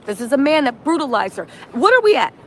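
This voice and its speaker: A woman hosting a reaction livestream, recapping events in animated storytelling, acting out quotes and often asking "right?". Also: sits high, fast, a little hiss or hum. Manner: punctuates with "right?". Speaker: streamer host.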